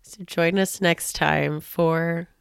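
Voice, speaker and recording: A woman's voice: lowish voice, steady tone, takes it slowly, gravelly, heavy background noise. A woman co-hosting a podcast, talking in an upbeat, chatty way with fillers and laughs. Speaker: podcast co-host. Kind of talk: casual podcast chat.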